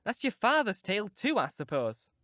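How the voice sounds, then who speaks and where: A man reading an audiobook, voicing a stern, practical middle-aged housekeeper who speaks briskly and scolds. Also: high-pitched, wildly swooping pitch, bright, forceful tone, no room sound, clean studio sound, voice pushed up, full character voice.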